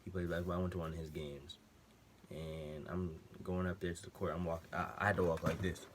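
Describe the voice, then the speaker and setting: A young man telling a personal story in a casual, animated way, full of slang and acted-out quotes. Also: low voice, fast talker, a little hiss or hum. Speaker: vlogger.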